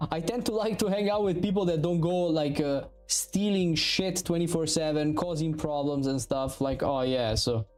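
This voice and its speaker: A man in his thirties from Italy with an Italian accent, chatting casually and profanely while streaming game development, rambling and animated. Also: on the high side, moderate pace, few pauses, faint music behind. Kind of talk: casual livestream chat.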